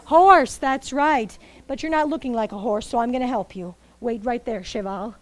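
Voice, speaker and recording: Brief: woman storyteller, high voice, animated and coaxing, live children's folktale. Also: normal speed. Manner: animated, coaxing, asks the audience questions.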